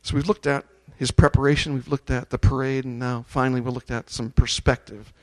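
In a brisk sermon, a male pastor with a mid-range voice and little pitch movement reads scripture aloud and leads call-and-response chants with the congregation. He still rises to loud, ringing peaks.

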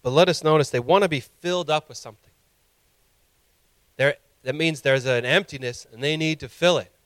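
Male pastor, fairly high voice, impassioned sermon delivery, dry close recording. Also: normal speed, fairly bright tone, no room sound. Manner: impassioned preaching, rising to emphatic peaks.

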